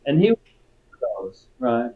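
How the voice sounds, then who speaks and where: A man's voice: medium pitch, big pitch swings, normal speed, phone-quality sound. A man from Texas, a former Marine, telling stories in a casual interview in a laid-back, profane way. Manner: profane, laid-back, peppers talk with "dude" and "right?".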